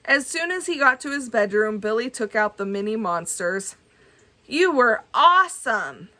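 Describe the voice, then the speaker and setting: A woman reading a children's book aloud, adding gentle, chatty asides for kids. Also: medium pitch, expressive, moderate pace. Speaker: storybook reader.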